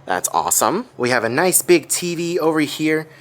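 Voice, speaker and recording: Man, vlogger, hotel walkthrough, excitable, talks to viewers, faint background noise. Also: on the high side, moderate pace. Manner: excitable, gushing, addresses viewers as guys. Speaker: theme park vlogger. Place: hotel rooftop, then a hotel room.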